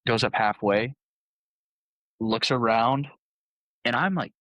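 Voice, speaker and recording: This podcast guest, a young college baseball player, has a mid-range voice with a fairly bright tone and takes his time. He relaxes into his story, says "like" constantly and acts out what people said, with no room sound in the clip.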